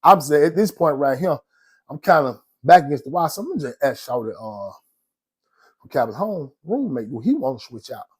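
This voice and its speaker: A man from Georgia with an Atlanta accent telling prison stories in a casual, slangy, animated way. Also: fairly high pitch, brisk, husky, no room sound. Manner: animated, slangy, laughs often between lines. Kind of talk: casual storytelling.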